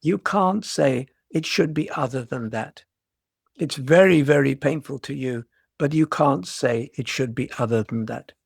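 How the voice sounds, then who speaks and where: A man quoting a stern male god who bluntly scolds a warrior, with a gravelly, husky voice. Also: medium pitch, unhurried, no echo, studio quality.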